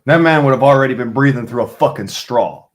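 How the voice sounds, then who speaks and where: A man's voice: medium pitch, fairly quick. A man hosting a livestream, chatting casually to viewers in a rambling, profane way and laughing often. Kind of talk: casual rant to a live chat.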